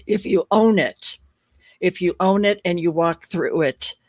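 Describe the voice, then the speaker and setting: A talk show host reading viewer comments in an emotional, expressive way. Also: mid-range voice, a little slow, no room sound. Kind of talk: livestream talk show chat.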